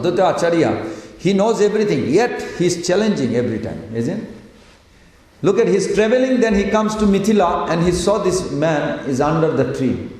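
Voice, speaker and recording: A man's voice: high-pitched, sing-song, normal speed, a little mellow. A man giving a devotional lecture, telling stories and voicing the people in them. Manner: storytelling, quotes figures in their voices; chants Sanskrit verses. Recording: echoey hall.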